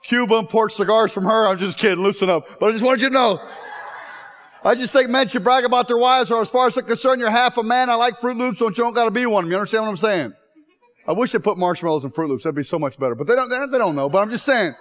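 A man preaching in a chapel, joking and then growing emotional and loud. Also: high voice, quick pace. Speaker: chapel speaker. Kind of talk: humorous sermon.

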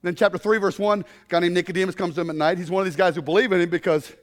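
High-voiced man preaching with comic flair. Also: rapid-fire, big-room sound. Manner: animated storytelling with comic shouted outbursts. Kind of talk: humorous sermon. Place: congregation in a room.

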